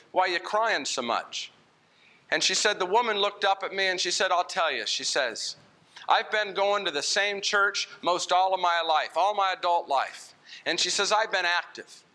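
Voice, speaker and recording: A man's voice: high voice, sharp tone. A man preaching a sermon in a church, conversational and telling stories with quoted dialogue. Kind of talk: sermon with storytelling.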